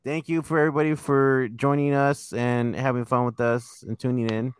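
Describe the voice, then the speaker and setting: A man's voice: mid-range voice, level tone, moderate pace, smooth. A man hosting a casual fan show over a video call, closing it out. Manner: laid-back, wraps up the show. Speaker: host. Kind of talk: casual chat.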